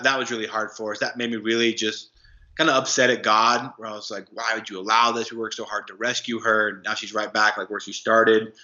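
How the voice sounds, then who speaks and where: A man's voice: medium pitch, bright, forceful tone. A young man, a podcast guest, telling a personal story casually with many fillers and restarts. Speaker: podcast guest, anti-trafficking worker. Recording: dull lo-fi sound.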